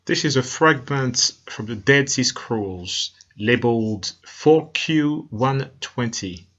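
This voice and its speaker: A man giving scripted documentary narration in a measured, explanatory reading. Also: mid-range voice, expressive, fairly bright tone. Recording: muffled narration over faint music.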